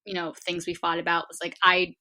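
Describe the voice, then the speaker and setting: A woman's voice: lowish voice, monotone, fairly quick, sharp tone. A woman in her twenties from San Diego, a podcast guest telling a personal story in a chatty way, full of "like". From San Diego, California. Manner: chatty, heavy on filler "like". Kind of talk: casual storytelling.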